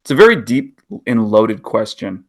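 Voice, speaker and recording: A man's voice: fairly low pitch, big pitch swings, normal speed. A man co-hosting a podcast in casual chat, playful and teasing. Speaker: podcast co-host.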